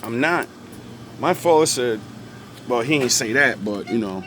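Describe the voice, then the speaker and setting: A man ranting heatedly to camera from his car, swearing often and raising his voice to shouts. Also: medium pitch, animated, slow pace, long pauses, slight background noise. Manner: angry, swearing, rising to shouts. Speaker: vlogger. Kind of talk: heated profane rant.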